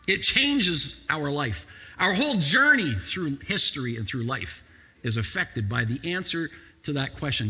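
A pastor preaches with lively, sweeping pitch and a bright, husky edge to his voice. He drops low and soft, then climbs to shouted emphasis. The sound rings with the long reverb of a church hall. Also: unhurried. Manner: animated preaching, swings from quiet to shouting. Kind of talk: sermon.

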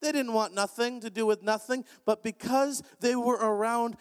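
A man preaching an energetic sermon in a large church, animated and joking with bursts of shouting. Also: very high-pitched, normal speed, clean tone. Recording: long hall reverb.

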